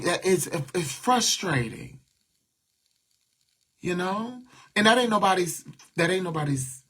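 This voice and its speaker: A man's voice: mid-range voice, a bit bright, slightly rough. A man venting to viewers on a livestream, blunt and talking back to their comments. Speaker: livestream host.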